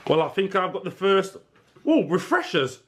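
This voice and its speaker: A man's voice: sits high, very animated, moderate pace, noisy background. A man, a father co-hosting a family toy vlog at home, chatting in a playful, jokey and encouraging way. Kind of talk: casual family vlog chat.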